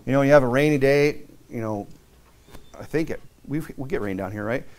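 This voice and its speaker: A man preaching a sermon, reading scripture slowly and dramatically and then telling stories in a lively, casual way. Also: mid-range voice. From Caribbean island. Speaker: pastor.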